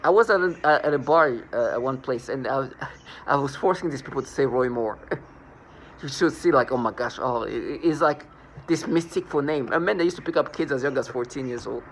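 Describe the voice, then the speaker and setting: A man's voice: medium pitch, a little fast, slight background noise. A man rambling through a scornful personal monologue, restarting and repeating words as he goes. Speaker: vlogger.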